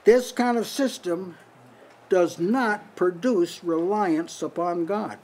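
A man's voice: high-pitched, slow pace, darkish tone. An older man teaching from the Bible in a small house church, conversational, chuckling often and lifting his voice when quoting. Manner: conversational, breaks into lifted voice for quoted lines, frequent short laughs. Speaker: preacher.

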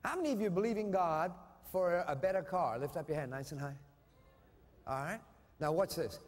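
A man preaching a sermon to a congregation, leading call-and-response and swinging from shouts to hushed asides. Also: on the high side, animated, moderate pace, big-room sound. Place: church hall with a congregation.

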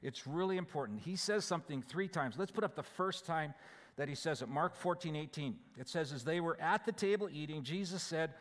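A man preaching in a church, walking through scripture verse by verse in a plain, conversational way. His voice sits a little high for a man, and the sound trails off in the long reverb of the sanctuary. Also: lively intonation, brisk. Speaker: pastor. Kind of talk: sermon.

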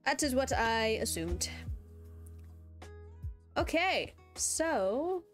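Female game streamer, slow and relaxed, lively up-and-down delivery. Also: high-pitched, faint music behind. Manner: chatty, laughing, thinking aloud while building. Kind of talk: casual live-stream chat while gaming.

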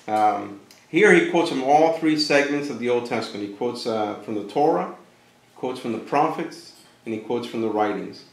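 A man at medium pitch leads a casual Bible study, speaking loosely and acting out quotes with sudden leaps in voice. His talk rings through a roomy church with clear echo. He sounds like a pastor teaching his class. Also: moderate pace. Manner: animated, acts out quotes with sudden jumps in voice. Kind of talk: conversational Bible lesson.

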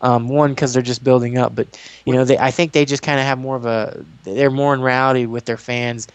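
A man's voice: mid-range voice, fairly quick, clean tone, no room sound, dull audio. A man tells stories in a loose, rambling way, backing up and restarting as he goes. His voice sits in a middle register. The recording is dry and close. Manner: rambling, animated storytelling with restarts. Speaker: guest YouTuber. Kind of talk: casual interview chat.

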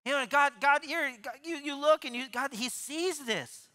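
A man giving a sermon as pastor, animated, often repeating and restarting words and acting out quoted voices. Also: very high-pitched, normal speed. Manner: acts out quoted voices in his preaching.

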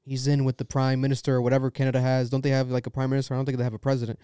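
A man's voice: mid-range voice, completely flat delivery, rapid-fire, warm tone, clean tone, no room sound, studio quality. A young man hosting a casual podcast, ranting with strong opinions and plenty of swearing. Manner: opinionated, profane, rambling rants. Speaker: podcast host.

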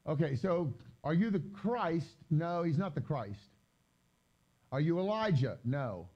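A man giving a conversational Bible teaching with slides, reading scripture slowly and explaining it in loose, chatty asides. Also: a little high, sing-song, dull audio. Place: gathering hall during a live-streamed event.

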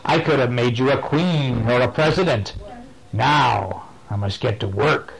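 A man voicing a boastful male nightmare monster in a bedtime story, speaking slowly and gloatingly. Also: mid-range voice, creaky, rough recording.

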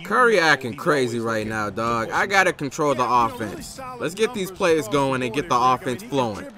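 A young man commentating his own basketball video game, loud and exasperated, yelling and swearing at the players. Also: medium pitch, sing-song, moderate pace. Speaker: gaming YouTuber. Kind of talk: live gameplay commentary. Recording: game music behind the voice. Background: game music and basketball commentary.

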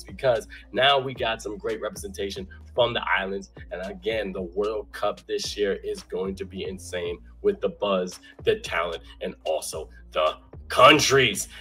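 A young man hosting a basketball show, talking with hyped, shouty bursts between laid-back asides. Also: medium pitch. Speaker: show host.

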